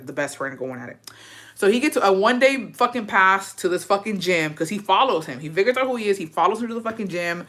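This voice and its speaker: A young woman casually recapping a show, swearing freely and acting out the characters' lines as she tells it. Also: deep voice. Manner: profane, animated storytelling with put-on quotes. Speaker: vlogger.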